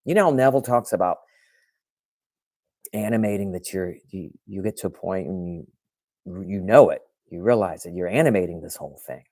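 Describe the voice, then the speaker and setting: A man's voice: deep voice, animated, normal speed, mellow, dry recording, clean studio sound. A man hosting his own podcast, chatting casually and directly with live viewers and reading their comments. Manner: conversational, talks straight to chat, restarts often. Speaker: podcast host. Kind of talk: casual livestream talk to viewers.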